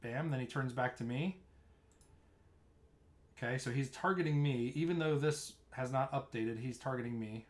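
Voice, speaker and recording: Over replay footage, a young man who streams and explains raid tanking gives a casual walkthrough of a game fight. He talks at normal speed with long pauses, his pitch an ordinary middle range, and he frequently circles back to begin a thought again in his loose, chatty way.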